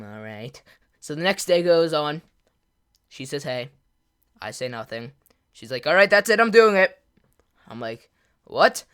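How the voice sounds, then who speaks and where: A teenage boy tells a personal story in a casual, rambling way. His voice sits at a middle pitch. He swings between loud outbursts and quiet mumbling, with lots of fillers. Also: clean tone. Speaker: gaming video creator.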